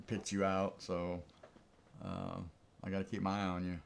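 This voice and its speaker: A man's voice: deep voice, monotone, moderate pace, creaky, slight background noise. A man giving casual live-stream commentary on his trades, thinking aloud in an easygoing way. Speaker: trading streamer.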